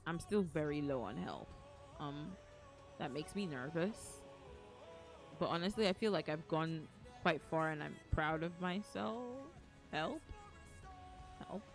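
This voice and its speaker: A woman's voice: low voice, animated, unhurried, pauses often. A woman streaming a video game live, talking emotionally and repeating pleading phrases as she plays. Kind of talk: live gaming stream chat. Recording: game music playing behind.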